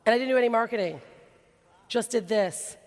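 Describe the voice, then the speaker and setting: A woman giving an energetic keynote talk on a conference stage, excitable and quick with asides. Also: a little high. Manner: excitable, laughs often, rapid asides. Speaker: keynote speaker. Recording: reverberant hall recording.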